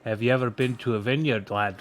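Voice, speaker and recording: Blunt folksy adventurer played by a man, mid-pitched voice, faint music under it. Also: fairly even intonation, fairly quick, natural voice. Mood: sly. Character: gruff older male adventurer calling others lad.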